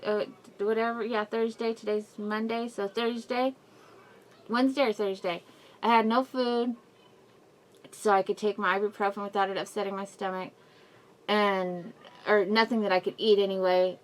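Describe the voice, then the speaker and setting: Middle aged lady vlogging thru a mask, rambly emotional story, lots of little laughs, medium pitched voice. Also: steady tone, normal speed. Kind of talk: casual personal update to camera. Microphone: speaking through a face mask.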